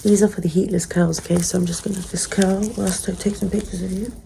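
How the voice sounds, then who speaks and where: A young woman in a whispered role-play as a chatty, easily distracted hairstylist, drifting between soft talk and whispers. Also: on the low side, flat delivery, fast talker, vocal fry, rough recording. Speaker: ASMR creator playing a hairstylist. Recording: noticeable background noise.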